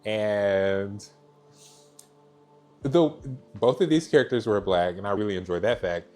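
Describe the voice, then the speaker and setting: A man's voice: lowish voice, unhurried, a little mellow. A young man from Georgia in the US, chatting casually about books he read, gushing and often saying "so yeah". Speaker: book reviewer. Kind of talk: casual book review chat.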